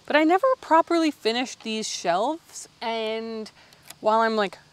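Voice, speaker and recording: A woman's voice: on the high side, lively intonation, measured pace. A young woman from Canada narrating a home renovation vlog in a chatty, upbeat way with small laughs. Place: old house, indoors.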